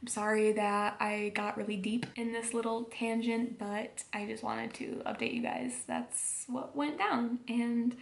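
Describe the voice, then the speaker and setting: Creaky-voiced young woman rambling through a vlog. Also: fairly high pitch, steady tone, a little slow, hardly any pauses. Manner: rambling, frequent fillers like "like". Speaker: vlogger. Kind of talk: casual storytelling vlog. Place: home at bedtime.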